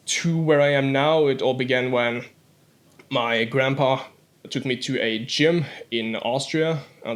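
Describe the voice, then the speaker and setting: A young man in his twenties from Norway with a Norwegian accent, guest on a casual podcast, saying "like" a lot and often clearing his throat. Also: medium pitch, a bit bright. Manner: says "like" often.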